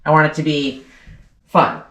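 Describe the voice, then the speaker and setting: A woman's voice: deep voice, flat delivery, measured pace, noisy background. A woman hosting a casual sewing vlog, chatting to viewers in a rambling way, often correcting herself, and sounding congested. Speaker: sewing channel host. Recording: echoey room.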